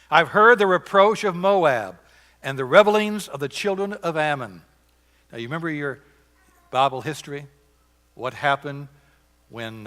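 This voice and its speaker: Southern preacher guy reading scripture loud then going quiet, big church echo. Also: medium pitch. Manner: reads scripture aloud with rising force, then drops to quiet asides; imitates bird calls to illustrate. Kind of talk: sermon. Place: church sanctuary. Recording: church sanctuary with long reverb.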